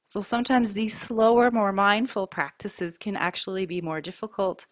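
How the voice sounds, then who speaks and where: A woman teaching a yoga class, giving calm, mindful cues about breath and poses while wearing a mic. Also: medium pitch, no room sound, studio quality. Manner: calm, slow, mindful cueing. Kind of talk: guided yoga class instruction.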